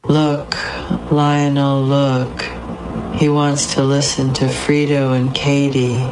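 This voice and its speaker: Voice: mid-range voice, little pitch movement, slow, background noise. An AI voice clone doing a celebrity impression that sounds choppy and alien. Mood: flat. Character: glitchy AI imitation of a celebrity.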